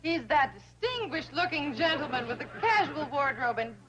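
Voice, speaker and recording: An actress playing a teasing, sassy young bank secretary, on an old sitcom soundtrack. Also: female voice, sits high, big pitch swings, moderate pace, a crowd in the background. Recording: dull old TV soundtrack with hiss.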